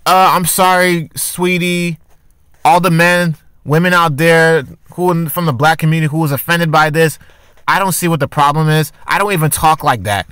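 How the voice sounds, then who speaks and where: A man's voice: fairly high pitch, moderate pace, fairly bright tone, clear, resonant tone, no room sound. A man giving casual opinion commentary for his channel, arguing his point with rhetorical questions and frequent restarts. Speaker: commentary vlogger.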